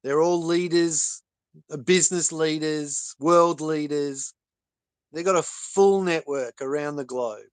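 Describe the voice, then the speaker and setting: A man talking on a livestream in an earnest, halting way, with many pauses and fillers. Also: a little high, smooth, no room sound. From Australia. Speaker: livestream guest. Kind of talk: casual livestream talk.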